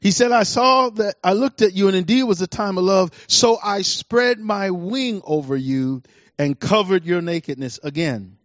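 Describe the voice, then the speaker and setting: Man, pastor, high voice, impassioned sermon, dry slightly dull recording. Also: moderate pace, no room sound. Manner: impassioned preaching, swings from loud to hushed.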